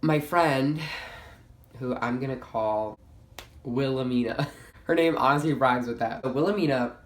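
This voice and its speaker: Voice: mid-range voice, normal speed. Young vlogger telling a storytime, tons of "like", swears a lot, echoey room. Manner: chatty, heavy on "like" fillers, swears freely. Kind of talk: casual storytime monologue. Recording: roomy echo.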